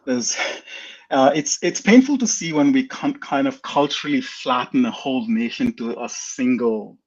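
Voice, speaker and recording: Animated Indian-accented man, dull audio. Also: mid-range voice, a little slow. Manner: animated storyteller, frequent restarts and laughs. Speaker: guest. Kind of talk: casual chat, telling a life story.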